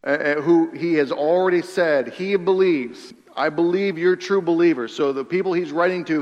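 Pastor guy preaching, kinda high voice, earnest, repeats himself for emphasis, big echoey church hall. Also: dull audio. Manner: earnest, repeats phrases for emphasis, drops to a hush on key lines. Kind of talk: sermon.

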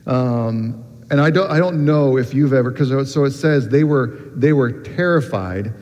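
A man preaching in a loose, conversational style at a middle pitch, his speech full of ums and restarted phrases. The sound is dull and muffled, and his voice rings with the long reverb of a large hall. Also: measured pace, darkish tone. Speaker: pastor. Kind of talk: sermon.

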